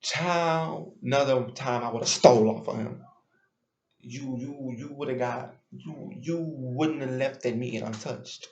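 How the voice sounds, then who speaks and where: A man's voice: mid-range voice, slow pace, roomy sound, muffled recording. A man giving a chatty, opinionated and sassy recap of a reality show in casual commentary.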